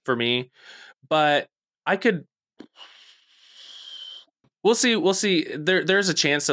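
A man's voice: on the high side, lively intonation, takes it slowly, pauses often, bright, forceful tone, dry recording, clean studio sound. A man co-hosting a casual podcast over a remote call, joking and teasing himself. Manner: playful, self-mocking humor. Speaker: podcast co-host. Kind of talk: casual chat.

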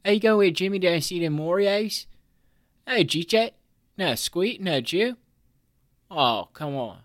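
A man voicing an excitable local man from Baltimore, doing a Baltimore accent in an exaggerated, drawling impression. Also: high voice, unhurried, no room sound, clean studio sound, voice pushed up. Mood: teasing.

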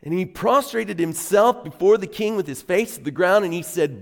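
A man's voice: sits high, moderate pace, creaky, few pauses. A middle-aged man preaching a sermon as pastor, telling stories in a conversational way and leaning hard on key words. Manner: conversational storytelling, animated emphasis. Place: church sanctuary. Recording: long reverb of a church hall.

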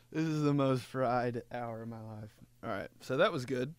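A man's voice: medium pitch, moderate pace, few pauses, clear, resonant tone, dry recording. A man hosting a comedy podcast, telling jokey, rambling stories in casual chat. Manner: rambling, jokey, animated storytelling. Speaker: podcast host.

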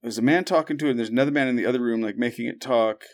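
A man's voice: mid-range voice, rapid-fire. A man co-hosting a casual chat, agreeable and hedging with fillers like "like" and "um.". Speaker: podcast co-host.

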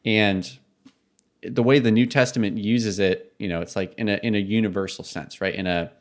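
A man's voice: fairly low pitch, fairly even intonation, normal speed. A man co-hosting a casual podcast, explaining ideas and laughing easily. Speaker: podcast co-host.

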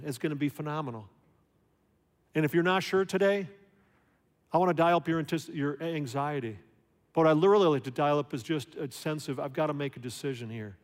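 A man preaching a sermon as a pastor, talking conversationally and asking his listeners questions. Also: fairly high pitch. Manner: conversational, animated, rhetorical questions. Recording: long hall reverb.

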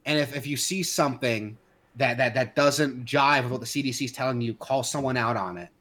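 A man's voice: mid-range voice, fairly quick, fairly bright tone. Heated man ranting. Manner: heated, ranting with frequent restarts and fillers. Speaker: podcast co-host. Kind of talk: casual opinionated chat.

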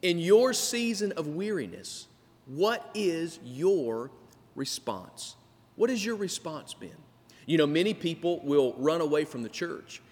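Male pastor, slightly high voice, sermon delivery with repeated building phrases, long hall reverb. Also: very animated, unhurried, darkish tone. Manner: preaching with rising emphasis and repetition.

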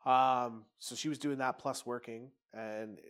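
A man's voice: mid-range voice, fairly even intonation, measured pace, fairly bright tone, smooth. Male podcast guest, casual storyteller, rambling and profane, plain voice.

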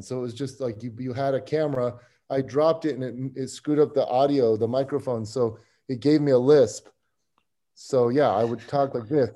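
A man with a warm, mellow voice at an ordinary pitch chats through his story as a podcast guest. His delivery is loose and easygoing, with restarts and frequent soft chuckles. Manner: easygoing, rambling, chuckles often. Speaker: strength coach, podcast guest. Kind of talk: casual interview storytelling.

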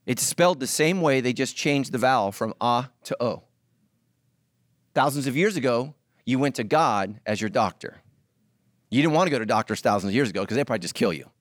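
A middle-aged man preaching a sermon with animated delivery and joking asides to the congregation. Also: medium pitch, brisk, no echo, clean studio sound. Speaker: pastor.

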